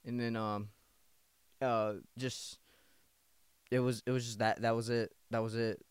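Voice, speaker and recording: A man's voice: mid-range voice, little pitch movement, unhurried, clean tone, no room sound. A man in his twenties hosting a casual podcast, rambling, repeating himself, swearing and calling the listener bro. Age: 20s. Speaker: podcast host. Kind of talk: casual confessional podcast monologue.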